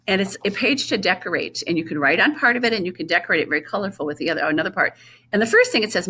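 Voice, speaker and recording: A middle-aged woman teaching music to young children over a home video, her voice bright and a bit husky. She chants rhythm syllables and names in a lively sing-song and explains things slowly and patiently, as if to seven-year-olds. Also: medium pitch. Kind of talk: distance-learning lesson for young children.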